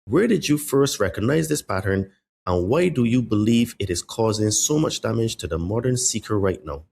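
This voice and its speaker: A man hosting a podcast, asking questions in a measured, halting way. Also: on the low side, animated, vocal fry, darkish tone, slight background noise. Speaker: podcast host. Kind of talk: podcast interview.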